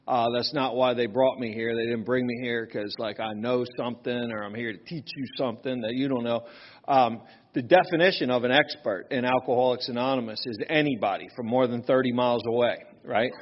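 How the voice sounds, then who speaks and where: A man's voice: mid-range voice, steady tone, fairly quick, long reverb tail. Chatty man speaking at a workshop. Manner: chatty and self-deprecating, with frequent "right?" asides. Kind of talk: casual workshop talk to an audience. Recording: slightly dull, lo-fi recording.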